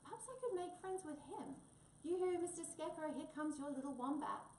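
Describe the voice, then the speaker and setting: A woman's voice: fairly high pitch, big pitch swings, moderate pace. An eager, muddle-headed young wombat chirps in a sing-song, childlike way, as a woman puts him on with a raised voice. The storybook reading rings through an echoey room, caught from some distance with a faint hum behind.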